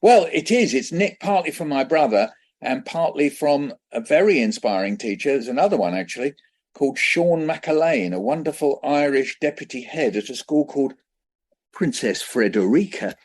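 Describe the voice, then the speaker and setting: A man in his seventies from England, a children's poet guest telling lively anecdotes in an interview and acting out the voices in them. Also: mid-range voice, moderate pace. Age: 70s. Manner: lively anecdotal storyteller who acts out voices. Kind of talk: conversational storytelling interview.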